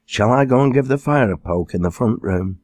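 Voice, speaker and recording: A man's voice: medium pitch, animated, a little fast, darkish tone, no echo, studio quality, voice pushed up, close to an everyday voice. A man voicing a cheerful, reassuring young woman from a farm family, in an audiobook. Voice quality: upbeat, reassuring.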